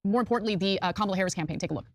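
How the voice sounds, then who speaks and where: A woman's voice: medium pitch, very fast, dry recording, studio quality. A woman co-hosting a political talk show, introducing clips with wry commentary. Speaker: co-host.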